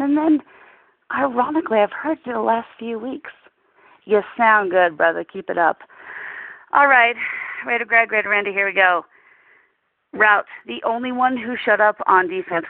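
A woman's voice: mid-range voice, dry recording. A woman calling in with a heated, profane, rambling fan rant. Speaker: caller leaving a fan rant. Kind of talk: voicemail rant. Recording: tinny phone line.

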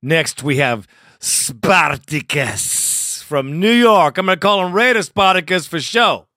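Brief: male podcast host, upbeat and chatty, sharp tone, close dry sound. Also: a little high, animated, slow pace, dry recording. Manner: upbeat, chatty, laughs easily. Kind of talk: hosting a call-in fan show.

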